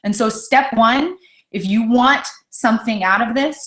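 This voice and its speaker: A woman's voice: fairly high pitch, expressive, moderate pace, fairly bright tone. Intense, fired-up woman in an echoey room. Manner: intense, fired-up, repeats "okay?". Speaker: team leader. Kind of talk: motivational team call.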